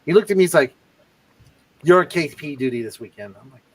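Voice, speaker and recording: On a livestream, a man who is an army veteran and co-host tells army stories casually, swearing freely and acting out the people he quotes. His voice is fairly high and fairly quick, and the recording is low-quality.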